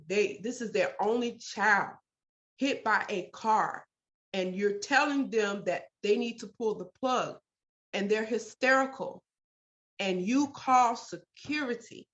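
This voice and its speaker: Emphatic, bright-voiced mother telling her story. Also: mid-range voice. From United States. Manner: emphatic, animated, repeats herself when upset. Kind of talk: interview storytelling. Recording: dull lo-fi sound.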